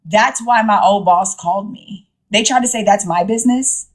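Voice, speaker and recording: A woman talks straight into her livestream, blunt and salty, looping back over the same points. Her voice sits at a middling pitch. The delivery is casual and unscripted. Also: normal speed. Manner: blunt, profane, repeats herself. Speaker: livestream host.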